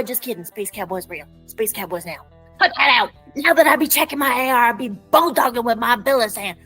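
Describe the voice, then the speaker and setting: A woman's voice: a little high, lively intonation, fairly quick, pushed and bright, slightly rough, poor audio. A woman giving a comedic promotional monologue in a playful, folksy cowboy persona full of slang. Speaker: clinic business promoter. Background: faint music.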